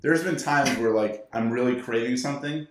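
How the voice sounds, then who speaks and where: A man co-hosting a casual podcast, enthusiastic and given to musing asides. His voice sits at a mid pitch, and the room adds a noticeable echo. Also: normal speed. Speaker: podcast co-host. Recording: echoey room.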